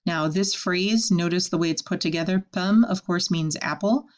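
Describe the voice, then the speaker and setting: A woman teaching a French vocabulary lesson, saying each word slowly and then explaining it in casual English. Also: fairly low pitch.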